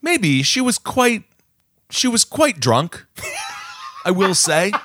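A man's voice: high-pitched, big pitch swings, takes it slowly, bright, forceful tone, raised voice, slight background noise. A young man telling jokey stories in a casual comedic chat as a co-host. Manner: dry, jokey storytelling. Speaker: podcast co-host.

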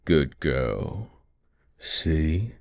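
A man's voice: extremely low pitch, very animated, drawn-out words, dry recording. A young adult man performing an adult audio role-play, speaking close to the mic in a teasing, commanding murmur.

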